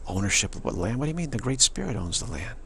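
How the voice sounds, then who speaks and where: A man giving a rambling spiritual monologue, an animated storyteller who repeats himself and restarts often. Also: mid-range voice, fast, gravelly, slight background noise. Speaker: spiritual speaker.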